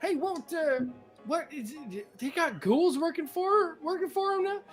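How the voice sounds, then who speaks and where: A man voicing a rough male town guard in a tabletop game, with a high, drawling way of talking. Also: lively intonation, a little slow, faint music behind. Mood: surprised.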